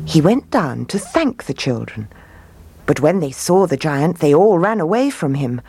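A woman telling a children's story aloud in a gentle, expressive read-aloud manner. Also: low-pitched, measured pace, slightly rough.

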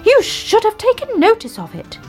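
A woman's voice: extremely high pitch, huge pitch swings, normal speed, darkish tone, faint music behind, pitched above the performer's own voice, heavily acted. A woman playing a scolding boatman. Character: stern male boatman.

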